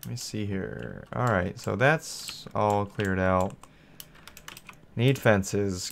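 Male gaming host, solo commentary, chatty and wandering, clean smooth tone. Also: lowish voice, very slow, a bit bright. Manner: rambling, thinks aloud, talks to viewers.

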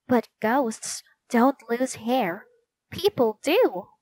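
A woman voices a sharp, eager girl sleuth from a storybook, lifting her voice a touch higher. The delivery is unhurried, and the sound is dry and close. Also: animated, no echo, exaggerated voice. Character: quick-witted young girl detective.

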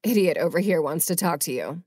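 A woman's voice: fairly low pitch, lively intonation, a little fast, darkish tone, slightly rough, no echo, clean studio sound. A woman voicing C L, a hot-tempered young female angel in an audiobook, curt and irritable. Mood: irritated.

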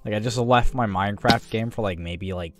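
A man's voice: on the low side, brisk. A young man casually commenting while gaming, jittery and swearing, yelping when startled. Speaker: gaming YouTuber. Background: music.

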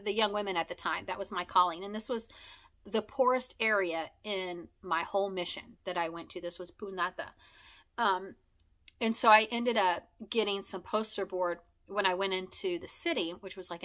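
A woman in her forties reminiscing casually and emotionally to camera, talking fast and stumbling over her words. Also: medium pitch, a bit bright. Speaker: vlogger thanking friends.

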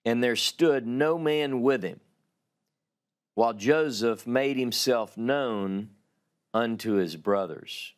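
A man teaching a Bible class, reading scripture aloud slowly and dramatically and explaining it. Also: mid-range voice.

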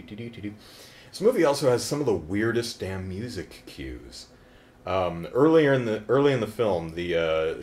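A man giving a casual, comedic review of a horror movie, wry and joking, with rambling asides. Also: mid-range voice.

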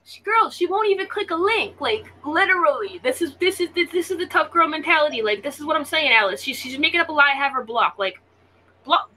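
A woman's voice: sits high, expressive, fairly quick, sharp tone, a little hiss or hum, poor audio. A woman with a mixed Canadian and Boston accent, hosting a livestream and venting emphatically, often repeating her words. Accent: Canadian-Boston mix. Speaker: livestream host. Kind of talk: livestream chat.

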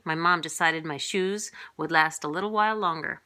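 A middle-aged woman reading a picture book aloud to young children in a lively way, jumping up in pitch for the characters' lines. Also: normal speed, few pauses. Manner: lively, voices characters with big pitch jumps.

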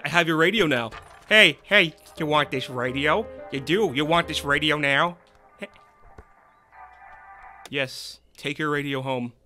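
A man streaming a game in casual commentary, excitable and quick to yell and swear at the characters, drifting into rambling stories with many restarts. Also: a little high. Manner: rambling anecdotes with frequent restarts.

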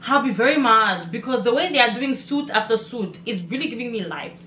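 A woman hosting a casual music video reaction, chatty and excitable, exclaiming often. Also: on the high side, a little fast, slight background noise. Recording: echoey room with music behind.

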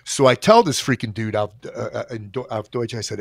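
Gravelly-voiced man telling a story. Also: mid-range voice, fairly quick, dry recording. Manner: animated, profane storytelling. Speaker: coach telling a story on a livestream. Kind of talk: casual storytelling.

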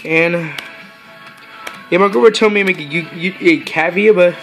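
A man vlogging casually with his cats, rambling and halting with lots of fillers and soft coaxing pet talk. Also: high-pitched, creaky, faint music behind. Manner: rambling and halting, with many fillers and broken sentences.

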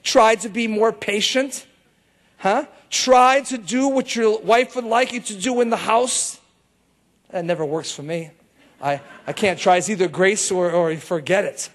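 A male pastor preaching a sermon in an animated, storytelling way, with bursts of shouting. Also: sits high, a little slow.

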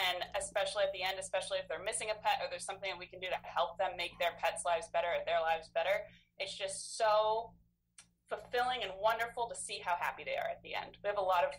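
A woman in her thirties, an animal control officer, answering interview questions in a friendly, measured way. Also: fairly low pitch, rough recording. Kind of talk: casual interview chat.

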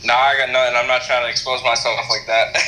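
A man's voice: medium pitch, flat delivery, fast talker, bright, forceful tone, low-quality recording. A man on a video call, laid-back and amused, chatting casually with a stranger. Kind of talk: casual video chat banter.

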